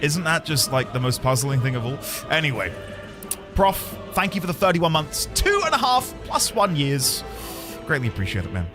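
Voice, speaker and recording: A man's voice: a little high, sing-song, normal speed. A man streaming a video game, chatting casually with viewers in a rambling, jokey way. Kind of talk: casual gaming commentary. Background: game music.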